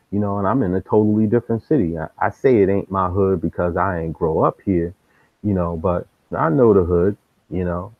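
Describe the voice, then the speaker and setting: A man hosting a live stream who tells street stories in loose slang, jumping into the voices of the people in them. The sound is thin and phone-like. It is dry, with no room echo. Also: deep voice. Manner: streetwise slang, animated acting out of quotes. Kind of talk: casual storytelling.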